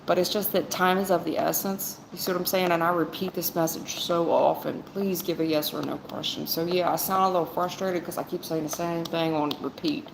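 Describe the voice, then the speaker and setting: A woman with a low, gravelly voice reads tarot for a live chat. She talks bluntly, almost sarcastically, to her viewers, and her voice sounds echoey, with steady noise behind it. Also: brisk, hardly any pauses. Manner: talks straight to chat viewers, calls them baby and hon. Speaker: tarot reader on a livestream. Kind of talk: blunt casual livestream chat. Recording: echoey room with clear background noise.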